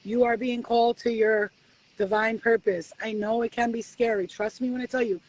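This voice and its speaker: Animated, swearing woman doing spiritual readings. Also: a little high, normal speed, low-quality recording. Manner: animated, swears freely, acts out talks with spirits. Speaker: spiritual reader. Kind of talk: casual live-stream chat.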